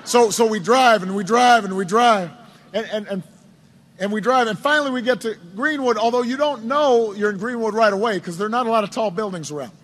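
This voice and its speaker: A man with a markedly high-pitched voice tells a long anecdote to a room of supporters. He often repeats his words as he goes, and he keeps his speech light with dry, humorous asides. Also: a little fast, fairly bright tone. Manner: storytelling with many self-repetitions and wry asides. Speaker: politician addressing supporters. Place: indoors at a campaign office.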